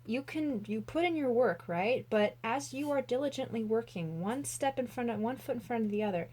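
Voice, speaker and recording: A young woman with a fairly high voice gives a casual tarot reading. She gushes with emotion and fills her talk with "like." She sounds young and enthusiastic. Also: expressive, normal speed, a little mellow, husky. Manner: gushing, emotional, lots of "like" fillers. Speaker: tarot reader.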